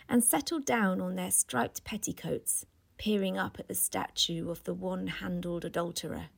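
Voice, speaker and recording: A woman reading a literary novel aloud in a slow, measured way. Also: lowish voice, gravelly, slightly rough. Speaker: audiobook reader. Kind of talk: literary audiobook narration.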